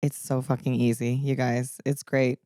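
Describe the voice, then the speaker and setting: A woman's voice: extremely low pitch, level tone, normal speed, dark tone, dry recording. Dry, sarcastic-sounding woman comedian. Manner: dry, sarcastic-sounding delivery with frequent swearing. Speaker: comedian guest. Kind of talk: casual podcast chat.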